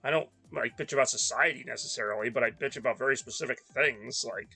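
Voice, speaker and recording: A man's voice: medium pitch, quick pace, pushed and bright, breathy edge, faint music behind. A young man streaming a racing game, chatting casually and rambling between laps. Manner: rambling, chatty, reads chat aloud. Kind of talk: casual rambling chat while gaming.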